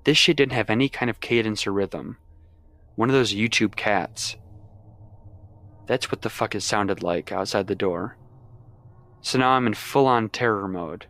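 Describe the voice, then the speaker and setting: A young man with a somewhat low voice recounts a true-sounding horror tale in the first person. He talks casually and swears constantly, like a friend telling it late at night. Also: measured pace, long pauses, a bit bright. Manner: casual and heavily profane. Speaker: storyteller.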